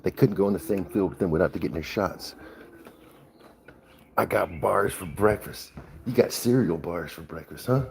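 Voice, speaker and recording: A man's voice: normal speed, gravelly, pauses often. A man vlogging casually outdoors on a cattle farm, talking in a playful, slangy, teasing way. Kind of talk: casual vlog chat. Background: cattle lowing nearby.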